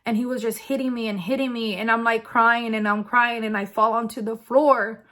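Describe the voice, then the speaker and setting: A woman's voice: a little high, steady tone, moderate pace, a bit bright. A young adult woman vlogger telling a personal story in a casual, rambling way, with lots of fillers. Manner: rambling, filler-heavy, conversational.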